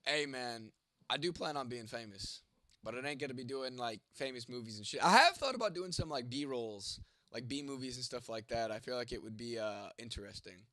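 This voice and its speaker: A man's voice: mid-range voice, animated, moderate pace, pushed and bright, no room sound. A man hosting a casual live stream. He talks straight to his viewers, swears often and rambles from one thought to the next. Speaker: livestream host reading chat.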